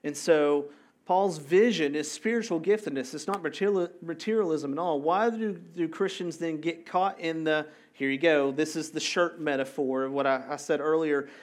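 A man delivers a sermon in a relaxed, talkative way, pitched a little higher than most men. He often turns to the congregation with quick questions and asides. His delivery is animated and informal. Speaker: pastor. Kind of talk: conversational sermon.

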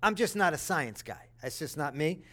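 A middle-aged man preaching a sermon, telling stories with lively, animated delivery and loud acted-out bursts. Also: moderate pace. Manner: animated storytelling, acts out voices with loud high bursts. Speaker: pastor.

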